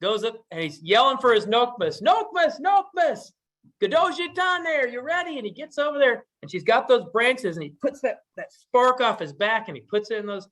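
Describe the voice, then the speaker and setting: A man telling a traditional story casually at a community meeting, relaxed and animated. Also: sits high, fairly quick, few pauses.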